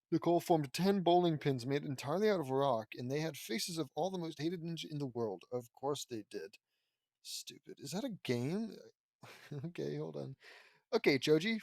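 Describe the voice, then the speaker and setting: A man's voice: on the high side, lively intonation, normal speed, a little mellow, no echo. A man reading fan fiction aloud and breaking in with sarcastic, swearing commentary. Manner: sarcastic, swears freely, laughs at the text. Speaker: audiobook reader.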